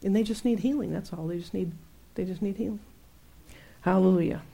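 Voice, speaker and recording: A middle-aged woman teaching about faith in a chatty, animated way, laughing often and acting out her own outbursts. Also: mid-range voice, fairly quick, vocal fry, slightly rough. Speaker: Christian teacher. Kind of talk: conversational Bible teaching.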